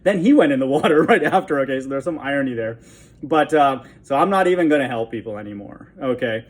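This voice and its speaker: A man at an ordinary middle pitch tells a story in a loose, rambling monologue. He sounds contemptuous and tacks "okay?" onto nearly every few lines. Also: lively intonation, quick pace. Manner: rambling, repeats "okay?" constantly; scornful, contemptuous. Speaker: vlogger.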